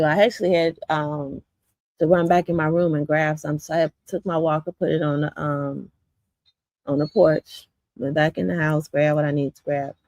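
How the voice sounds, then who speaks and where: A woman's voice: sits low, a little mellow, no echo. A woman from Chicago's south suburbs, a community vlogger, telling her viewers a story in a blunt, profane, rambling way with lots of fillers.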